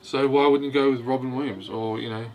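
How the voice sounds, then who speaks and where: A man's voice: mid-range voice, fairly even intonation, a little fast, darkish tone, slight background noise. A man casually reviewing a film, hesitant and rambling, with constant "you know" fillers. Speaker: host of a film review video.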